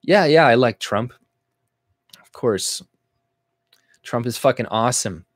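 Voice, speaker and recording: Blunt Canadian male channel host, mid-pitched and dry-sounding, ranting live with frequent swearing and filler words. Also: expressive, slow pace, dry recording. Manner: blunt, profane, heavy on fillers and restarts. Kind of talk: livestream rant reading viewer comments.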